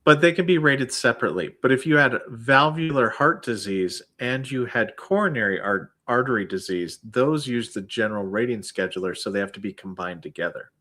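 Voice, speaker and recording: A man's voice: mid-range voice, brisk, few pauses, pushed and bright. A man, a guest who has processed claims, explaining plainly in casual chat with lots of "like" and fillers.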